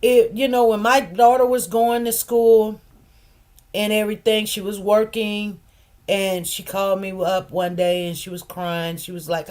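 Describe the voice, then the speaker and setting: Middle-aged woman, livestream host, casual chat, animated storyteller, preacherly emphasis. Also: mid-range voice, a little slow.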